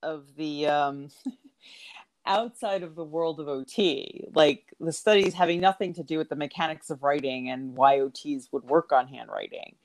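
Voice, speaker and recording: A woman talking in a relaxed chat who tells stories with frequent laughter. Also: sits low, measured pace. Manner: animated storyteller, laughs often. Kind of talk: casual conversational chat.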